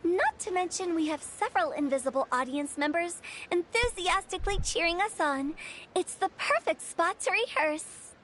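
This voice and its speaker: Prankish young funeral director, very high voice, teasing, faint hiss behind. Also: female voice, lively intonation, normal speed, fairly bright tone. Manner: teasing, rhyming, playful. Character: playful mischievous young woman funeral director. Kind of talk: game dialogue.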